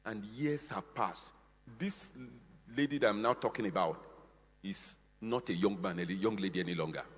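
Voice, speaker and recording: A man preaching a sermon with emphatic, repetitive phrasing, swinging between hushed and loud. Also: fairly low pitch, normal speed, breathy edge. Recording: long hall reverb.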